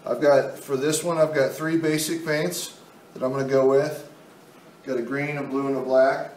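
Here an art instructor works through a painting demo step by step, talking in an easygoing manner as he goes. His voice is medium-pitched and darkish, with little pitch movement and a moderate pace, recorded in a very echoey room with a distant mic and faint noise.

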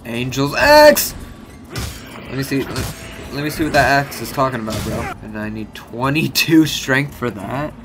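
A young man giving let's-play commentary, excitable, swearing a lot and yelping and shouting when his character takes hits. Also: medium pitch, moderate pace, faint music behind. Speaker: gaming YouTuber.

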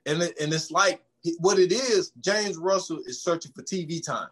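High-voiced man animatedly retelling a movie. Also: normal speed. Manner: animated storytelling, acts out scenes, laughs often. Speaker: podcast co-host. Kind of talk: casual movie recap chat.

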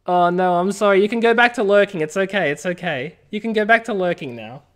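An Australian woman streams a game and chats playfully with her viewers, teasing the chat and laughing often. Her mid-range voice is expressive and a little fast, fitting the casual live-stream talk.

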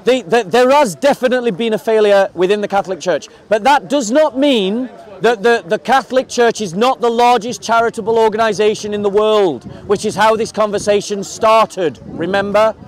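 Guy debating outdoors, really high voice, keeps pushing his point. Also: normal speed, hardly any pauses. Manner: forceful, insistent, repeats himself to hold the floor. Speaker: street debater. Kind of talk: heated street debate. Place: outdoor public speaking spot.

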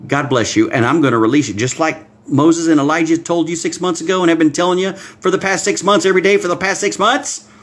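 Excitable preacher man with a husky voice. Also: on the high side, quick pace, hardly any pauses. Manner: excitable, swings between hushed asides and shouted exclamations; talks directly to viewers, reads out comments. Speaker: pastor. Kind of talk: livestream Bible-code sermon.

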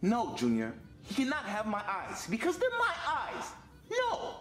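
A man voicing a cranky, foul-mouthed puppet chef who yells insults in a comedy show. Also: sits high, wildly swooping pitch, unhurried, roomy sound, faint music behind, full character voice. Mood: irritated. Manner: yelling, insulting.

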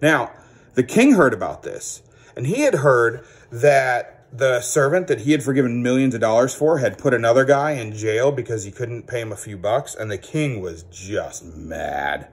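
A man teaching children a Bible story as a children's ministry teacher, animated and acting out the characters. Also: medium pitch, moderate pace, slightly rough.

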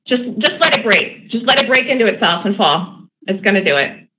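A woman hosting a live day trading stream, talking excitedly to herself and her viewers with frequent laughter. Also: medium pitch, fairly quick. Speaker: day trading show host. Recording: tinny phone-like audio with faint noise.

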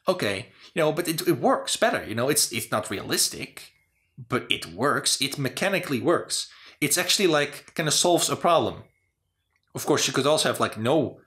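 A man's voice: mid-range voice, a bit bright. A man hosting a casual talk about game design, rambling with lots of "you know" and "like". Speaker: channel host.

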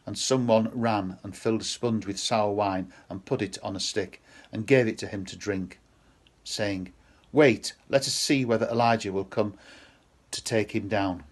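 A man reading a Gospel passage aloud in a measured, solemn way. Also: fairly low pitch, slightly rough. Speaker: scripture reader.

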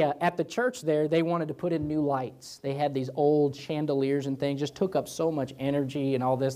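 A pastor leading a church Bible study, talking in a loose, chatty way. He stumbles through restarts and fillers, then jumps into lively little asides when he acts out a prayer or a thought. The result is relaxed and animated rather than a polished sermon. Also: on the high side. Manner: conversational, with many fillers and restarts; animated, voices God and himself in asides.

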